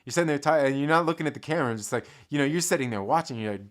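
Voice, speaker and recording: A man with a slightly high, lively voice talks rapid-fire while hosting a casual live stream. Reading chat, he rambles, swears, laughs often, and fills his speech with "like."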